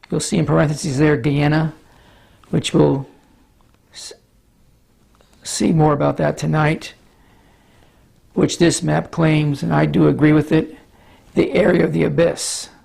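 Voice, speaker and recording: A pastor giving a Bible teaching sermon, hoarse from allergies, with a scratchy voice, clearing his throat and stumbling over names now and then. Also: on the high side, little pitch movement, a little mellow. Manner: measured Bible teaching with frequent small stumbles.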